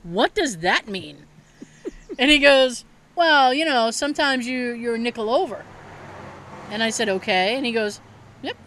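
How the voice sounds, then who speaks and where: A woman hosting a podcast, telling a family story in casual chat, animated and swearing freely with frequent laughter. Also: a little high, normal speed, slight background noise. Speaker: podcast host.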